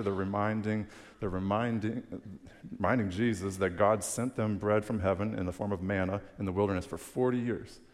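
Low-voiced man preaching in an echoing hall. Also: darkish tone. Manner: conversational, self-deprecating humor, reads scripture aloud. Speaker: pastor. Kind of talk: sermon. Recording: long reverb of a large hall.

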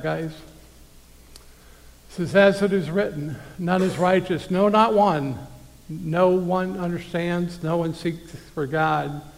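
A man's voice: on the high side, creaky, a little mellow. A man preaching a conversational sermon, reading scripture aloud and talking directly to his listeners. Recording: long hall reverb.

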